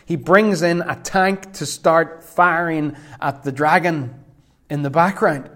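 A man preaching a sermon, emphatic, slowing right down whenever he quotes scripture. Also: on the high side, fairly bright tone.

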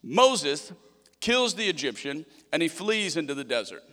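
Animated young pastor in a reverberant hall. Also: male voice, a little high, unhurried. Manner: animated, acts out voices in quotes. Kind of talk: sermon.

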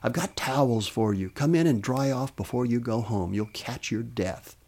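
A man voicing a giggly, excited woman in her seventies in a spoken story. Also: mid-range voice, normal speed, lightly acted. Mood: urgent whisper.

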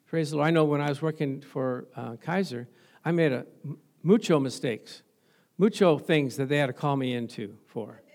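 A man's voice: fairly high pitch, normal speed, darkish tone. A middle-aged male pastor preaching a sermon, telling stories with laughter and frequent praise interjections.

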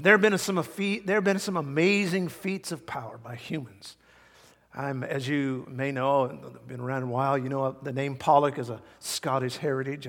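Lively older man preaching in an echoey hall. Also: a little high. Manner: animated, exclamatory preaching with folksy asides. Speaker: pastor. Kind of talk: sermon.

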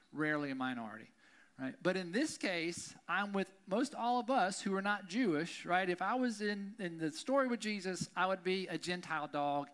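A man's voice: a little high, fairly bright tone. A male pastor preaching a conversational sermon, often checking in with the congregation. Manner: conversational, keeps asking "right?".

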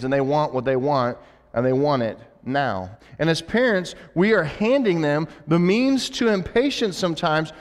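Man preaching in a reverberant hall. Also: a little high. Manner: conversational, with many restarts and asides. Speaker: pastor. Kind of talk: sermon.

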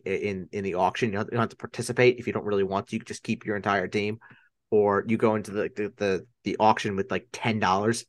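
A man from Long Island, New York, with a matching Long Island accent and a lowish voice co-hosts a casual sports podcast. He's enthusiastic and tends to stammer and repeat himself, recorded with no room sound.

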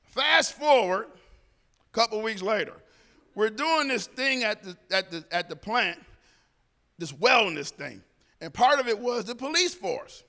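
A man speaking to a group, telling a personal story in an animated way and acting out the dialogue. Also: high-pitched, unhurried, in a large hall.

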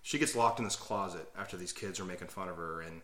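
A man's voice: low voice, fast, fairly bright tone. A man co-hosting a podcast in casual chat, explaining at length and with enthusiasm. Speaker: podcast co-host. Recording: roomy echo.

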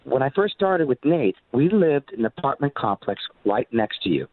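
A man's voice: medium pitch, big pitch swings, moderate pace, no echo. A man imitating a friendly, effusive rock frontman in a retold story. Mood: excited. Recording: tinny phone-like line.

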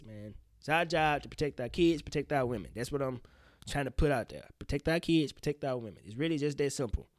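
A man hosting a casual solo podcast, rambling in slang with profane, animated outbursts. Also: on the high side, no echo, clean studio sound. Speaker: podcast host.

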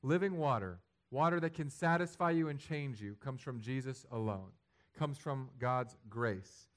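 Male pastor, sermon delivery, mid-pitched, swings from conversational to loud emphatic peaks. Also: a little slow. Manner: rises to loud, high-pitched emphatic passages; acts out imagined prayers and quotes.

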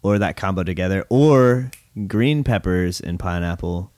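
A man with a low voice, chatting easily among friends on a podcast. His sound is close and dry, with no room around it. He is relaxed and agreeable. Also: measured pace, no room sound. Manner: easygoing, chatty about food preferences. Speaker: podcast guest. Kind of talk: casual chat among friends.

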